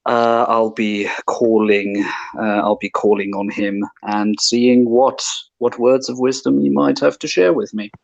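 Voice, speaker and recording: A man playing his character in a tabletop game, talking in an eager, halting way with fillers. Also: mid-range voice, fairly even intonation, gravelly, dull audio. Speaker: tabletop player. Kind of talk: in-character role-play chat.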